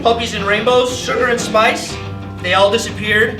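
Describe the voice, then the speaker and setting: A man's voice: very high-pitched, steady tone, moderate pace, music in the background. A man singing and acting a surly young delivery trainee who hates anything happy, in a staged reading of a musical. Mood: sneering song. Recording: echoey room, distant mic, audience.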